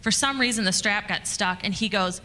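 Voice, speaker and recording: A woman's voice: medium pitch, moderate pace, pushed and bright. A woman telling a story to a conference audience in a chatty, conversational way, with fillers and restarts. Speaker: conference speaker, communications director. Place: conference hall. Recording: reverberant conference hall.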